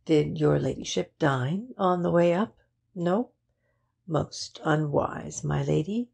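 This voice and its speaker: A woman's voice: low voice, creaky, a little mellow, husky, exaggerated voice. A woman doing a proper, deferential butler. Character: formal, unflappable male butler.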